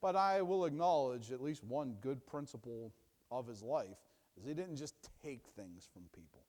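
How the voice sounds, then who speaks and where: A young adult man teaching from the Bible in a sermon, emphatic and repetitive, dropping low and quiet for asides. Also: animated, moderate pace. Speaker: preacher.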